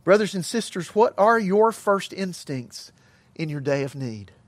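A middle-aged male pastor delivers a sermon in an earnest, emphatic way, slowing for measured pauses. His voice sits high for a man. The sound is dry and close, with little room around it. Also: lively intonation, no echo.

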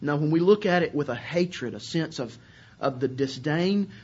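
A man's voice: fairly high pitch, lively intonation, normal speed, a little mellow, slightly rough, muffled recording. A man preaching a sermon to his congregation, earnest and repeating words as he searches for phrasing. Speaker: pastor.

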